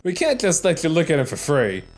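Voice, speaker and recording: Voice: mid-range voice, wildly swooping pitch, brisk, faint music behind. A gamer voicing a cocky male ghost who collects jars, in a mock Australian accent and a brash, taunting manner. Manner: brash, taunting, drops oi and mate.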